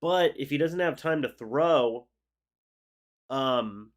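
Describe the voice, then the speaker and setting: A man's voice: medium pitch, slow pace. Congested young man hosting a casual livestream. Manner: laid-back, chatty, reads out chat messages. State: congested after flu. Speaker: sports livestream host. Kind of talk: casual live chat reacting to viewer comments.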